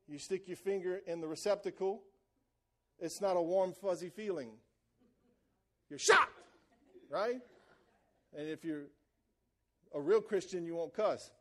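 A man preaching a sermon in church, animated and calling out to the congregation for responses. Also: sits high. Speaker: pastor.

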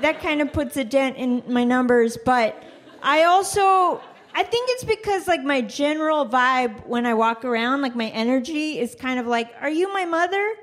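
A woman doing a stand-up set in a halting, self-deprecating way, full of little restarts. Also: sits high, slight background noise. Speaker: stand-up comedian guest. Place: live comedy show before an audience.

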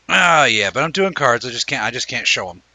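Bright-voiced, profane man co-hosting. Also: medium pitch, dry recording. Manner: loose, profane, joking. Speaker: co-host. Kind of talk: casual livestream chat.

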